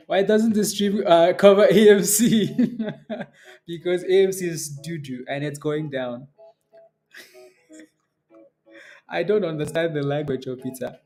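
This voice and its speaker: A livestream trader talks viewers through a rising stock, cheering it on and laughing while reading the chat. The voice is mellow and the talk is drawn out and unhurried. Faint guitar music plays quietly behind. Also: medium pitch. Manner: excitable cheering, repeating exclamations. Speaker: day-trading livestream host. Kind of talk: live stock market commentary and chat.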